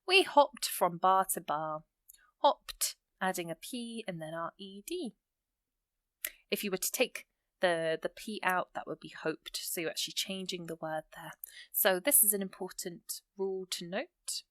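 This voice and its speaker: A woman teaching English grammar, explaining rules patiently and reading example sentences slowly with stressed key words. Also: fairly low pitch, lively intonation, no echo, clean studio sound.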